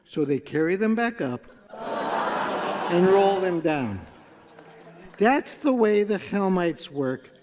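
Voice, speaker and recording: A man telling a folktale live on a festival stage, playful and animated, leading the audience in call-and-response chants. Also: sits high. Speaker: storyteller. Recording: live hall with long reverb.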